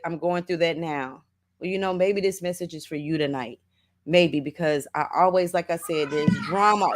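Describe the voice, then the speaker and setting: A woman's voice: on the low side, slight background noise. A middle-aged woman hosting a casual motivational livestream, reading viewers' comments aloud, laughing often and calling listeners baby and honey. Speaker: livestream host.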